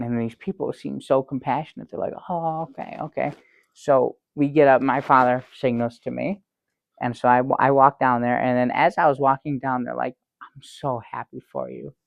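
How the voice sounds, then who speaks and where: A man playing a gravelly, earnest sad sack. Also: mid-range voice, dry recording, highs cut off, lightly acted. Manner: earnest, rambling storyteller with many restarts. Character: naive sad-sack man, middle-aged, earnest and oblivious. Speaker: comedy sidekick telling a story. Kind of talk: improvised sketch comedy banter.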